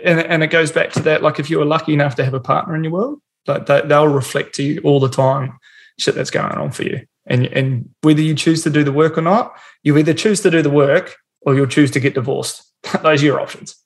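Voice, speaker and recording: Gravelly man, blunt and casual. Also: fairly high pitch, a little fast. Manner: blunt and swearing, animated storytelling. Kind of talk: casual chat.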